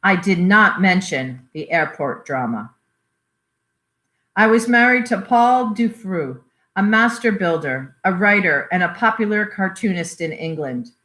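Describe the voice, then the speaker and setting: A woman reads a memoir aloud in a measured storytelling way. Her voice sits at a middling pitch. The recording has a noticeable roomy echo. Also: animated, fairly bright tone. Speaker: reader.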